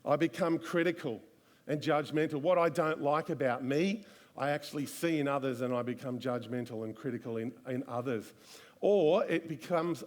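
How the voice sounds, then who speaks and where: A man's voice: mid-range voice, normal speed. A man preaching a live church sermon, earnest and full of rhetorical questions. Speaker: pastor. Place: church service.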